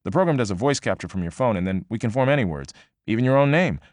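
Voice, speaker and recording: A man voicing an upbeat office trainer who explains things quickly and chattily in a slightly raised voice. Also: mid-range voice, animated, darkish tone, no room sound, clean studio sound, pitched above the performer's own voice, lightly acted. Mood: breezy, encouraging. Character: upbeat male office trainer, brisk and eager.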